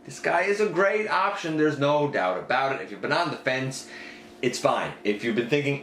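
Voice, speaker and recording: A man giving a casual product review, talking it through conversationally and jumping up in pitch on the words he stresses. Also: huge pitch swings, normal speed, a bit bright, a little hiss or hum. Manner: conversational, weighing pros and cons, pitch jumping up on emphasis. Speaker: toy reviewer.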